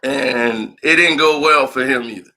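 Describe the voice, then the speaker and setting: Male sports vlogger, animated storyteller, bright edgy voice. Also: mid-range voice, unhurried, poor audio. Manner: animated storytelling, laughs often. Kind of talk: casual sports commentary.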